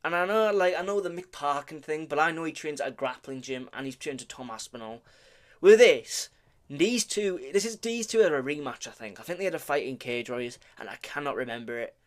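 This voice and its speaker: A vlogger with a fairly high, animated voice rattles off fight predictions at a fairly quick clip. He rambles, corrects himself and stumbles over names, with offhand swearing and humor throughout.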